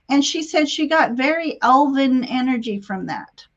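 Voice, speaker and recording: A woman's voice: high-pitched, normal speed, few pauses, highs cut off. A woman hosting a live spiritual chat, telling a personal story in a rambling, emotional way with frequent laughs, heard over a video call. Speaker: tarot reader and channel host. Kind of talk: casual live-stream chat.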